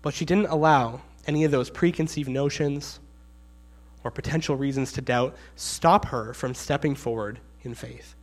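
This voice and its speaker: A man's voice: medium pitch, moderate pace. A man preaching a sermon in a conversational way, reading scripture and acting out the quotes with rising emphasis.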